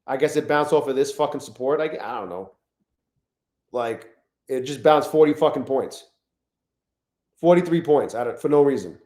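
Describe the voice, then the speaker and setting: A man streaming live, talking casually and excitably to his chat, swearing often and greeting viewers by name. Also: mid-range voice, normal speed, pauses often, reverberant.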